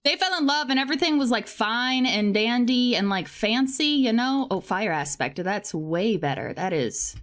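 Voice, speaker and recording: A woman's voice: a little high, lively intonation, normal speed, hardly any pauses. A woman casually retelling a legend while playing a game, rambling and chatty with lots of filler words and sudden reactions to the game. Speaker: gaming video creator.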